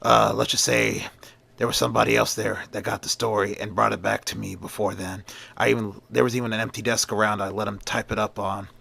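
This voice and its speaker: Perry White, as a man does him, gruff editor. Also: on the low side, little pitch movement, fairly quick, sharp tone, exaggerated voice. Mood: matter-of-fact. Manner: brusque, matter-of-fact. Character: gruff male newspaper editor.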